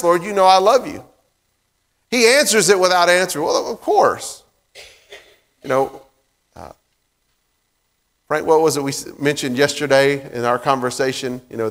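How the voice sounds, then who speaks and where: A man preaching in a relaxed, conversational way, often pausing on fillers and starting lines again. His voice sits a little high for a man. It rings through a church with a long, trailing reverb. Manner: conversational, many fillers and restarts. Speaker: pastor. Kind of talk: sermon. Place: church sanctuary.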